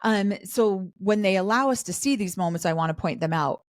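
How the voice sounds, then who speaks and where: A middle-aged woman co-hosting a podcast, chatting casually about a show and acting out the cast's lines in quick asides. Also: medium pitch, no echo, studio quality. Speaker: podcast co-host. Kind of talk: casual recap chat.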